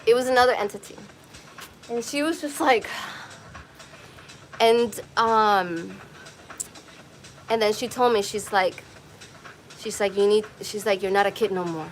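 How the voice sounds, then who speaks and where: A woman's voice: a little high, slow, pauses often, a little hiss or hum. A woman hosting a podcast, telling a personal story in an emotional, rambling way and swearing freely. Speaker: podcast host.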